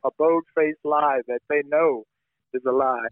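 Speaking a little slowly in a somewhat high voice with fairly even intonation, a journalist guest is interviewed conversationally over a tinny phone line. The recording is dry, and he makes his case earnestly with pointed examples.

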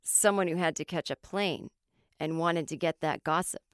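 A woman's voice: low-pitched, normal speed, clean tone, dry recording, clean studio sound, natural voice. A woman putting on a blunt older Boston lady. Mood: deadpan. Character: blunt sixty-year-old Boston woman, self-assured.

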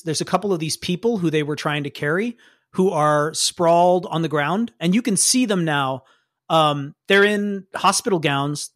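Lively tabletop game master, dry sound. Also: mid-range voice, no room sound. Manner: lively, explanatory, laughs often.

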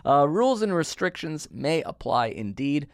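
A man's voice: on the high side, big pitch swings, moderate pace, no echo, studio quality. A man co-hosting a podcast, reading a sponsor ad in a playful, jokey way with his co-host. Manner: jokey, sing-song delivery. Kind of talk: playful sponsor read with banter.

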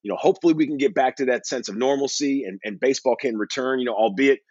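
A man's voice: mid-range voice, fast, a little mellow, breathy edge, no echo, dull audio. A man hosting a sports podcast, chatting casually with lots of fillers. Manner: conversational, rambling with fillers. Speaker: podcast host.

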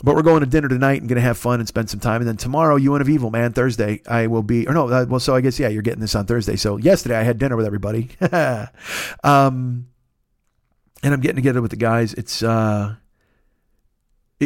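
A man in his fifties hosting a casual solo podcast, rambling and swearing as he tells animated stories. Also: medium pitch, fairly quick, no room sound, studio quality. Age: 50s. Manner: profane, rambling, animated storytelling. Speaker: podcast host.

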